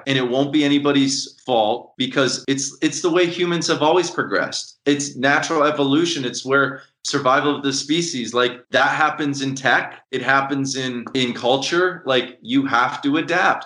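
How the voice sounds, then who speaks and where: Energetic, emphatic man in an echoey room. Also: mid-range voice. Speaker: podcast guest, investor. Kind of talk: casual interview talk.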